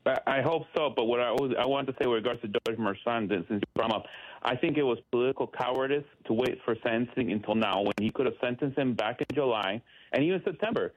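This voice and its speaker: Caller, talks fast and rambles, dry dull phone line. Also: male voice, medium pitch, dry recording. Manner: rapid, rambling, repeats words. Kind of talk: phone-in talk.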